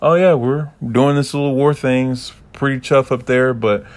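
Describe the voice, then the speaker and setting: A man's voice: medium pitch, fairly even intonation, normal speed, no room sound, voice pushed up, lightly acted. A man voicing a casual, busy male angel who speaks in a breezy, offhand way.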